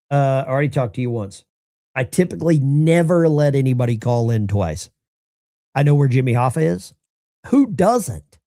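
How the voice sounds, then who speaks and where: A middle-aged man hosting a call-in show, chatting in an animated, rambling way. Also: medium pitch, no room sound, clean studio sound. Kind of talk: casual livestream talk.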